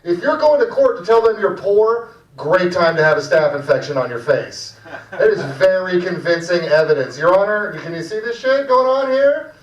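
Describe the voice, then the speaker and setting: A man's voice: sits high, lively intonation, moderate pace, far from the mic. A man hosting a comedy night, talking in a rambling, casual way with lots of fillers. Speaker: comedy show host. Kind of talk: stand-up set. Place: small cafe comedy room. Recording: dull, echoey room from afar.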